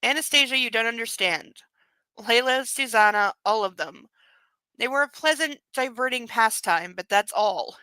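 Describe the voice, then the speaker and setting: A woman's voice: a little high, normal speed, bright, forceful tone, no echo, poor audio. A woman voicing a controlling, jealous rich husband in a cold, curt tone, in her own voice.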